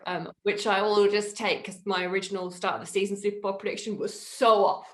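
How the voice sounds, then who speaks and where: A woman co-hosting a podcast chats casually about football, using many fillers and restarts and laughing easily. Her medium-pitched voice is steady and a bit bright, a little fast. The recording is low quality.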